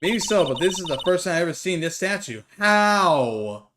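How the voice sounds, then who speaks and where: A streamer playing a game who reads every character's dialogue aloud in one voice and breaks off for quick asides to viewers. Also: medium pitch, sing-song, noisy background. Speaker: let's play streamer. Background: game music.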